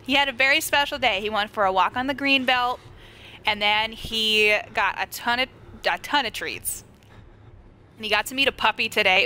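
A woman's voice: fairly high pitch, pushed and bright. A young woman live-streaming a horror game, chatting with viewers and shrieking at scares. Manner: screams and laughs at jump scares, chats with viewers.

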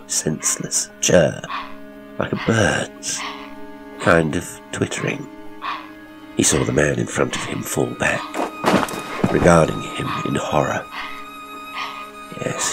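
A man reads a strange horror tale in a measured, deliberate manner. His voice sits extremely low, with a gravelly fry, and faint music plays beneath the narration. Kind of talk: scripted horror story narration.

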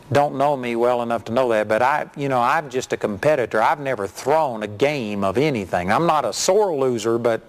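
A middle-aged man preaching a sermon, telling folksy, animated stories. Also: medium pitch. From Texas.

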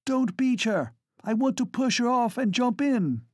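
A man voicing a bold, quick-witted young Highland noblewoman who gives urgent commands, in an audiobook. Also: lively intonation, a little mellow, husky, no room sound, studio quality. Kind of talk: audiobook character voice.

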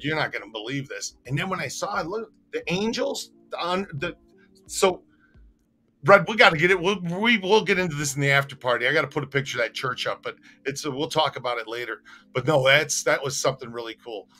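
A man's voice: fairly high pitch, fairly quick, pushed and bright, soft background music. A man hosting a live stream, chatting and reading viewer comments aloud, often stumbling over names. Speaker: host.

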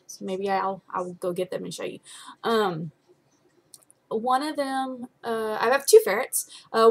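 A woman's voice: mid-range voice, fairly bright tone. A young woman chatting casually to her followers at home, rambling with many ums and swearing offhandedly. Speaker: vlogger.

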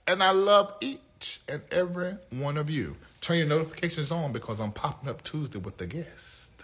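A man hosting a live talk show, with a Southern US accent, talking sassy and flamboyant to his chat, swinging from low mutters to loud outbursts. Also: animated, normal speed, few pauses, slightly rough.

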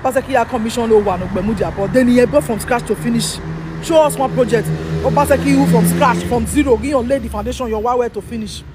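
A man's voice: very high-pitched, fairly quick, over loud music. A man from Edo State with a Nigerian Pidgin accent, delivering a fired-up political rant full of rhetorical questions as a vlogger.

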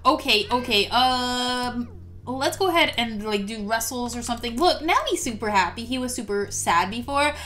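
A woman casually commentating her game, excitable and giggly, with lots of ums and surprised exclamations. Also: a little high, normal speed, faint music behind. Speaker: gameplay video host.

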